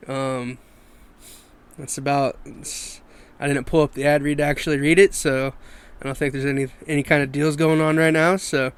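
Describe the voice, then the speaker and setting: A man's voice: on the high side, moderate pace, smooth. A man hosting a casual sports podcast on a video call, laid-back, steering the topics. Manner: relaxed, runs the topics and ad reads. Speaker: podcast host.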